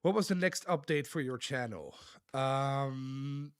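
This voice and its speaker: Male streamer, mid-pitch, chatty and grateful, reading chat aloud, dry room. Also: slow pace, smooth, no echo. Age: adult. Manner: reads chat aloud, laughs often, thanks viewers. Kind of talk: casual live-stream chat.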